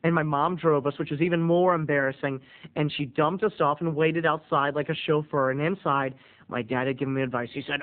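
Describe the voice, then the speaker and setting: A man telling a comic personal story to viewers in an animated way, addressing them directly. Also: a little high, a little fast. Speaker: video blogger. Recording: tinny phone-like audio.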